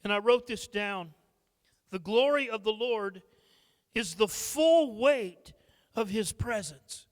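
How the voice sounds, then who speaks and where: High-voiced Midwestern pastor in a reverberant sanctuary. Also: male voice, lively intonation, slow pace. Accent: American Midwest. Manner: reads scripture aloud and explains it with asides; humorous asides and laughs. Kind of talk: sermon-style Bible study teaching.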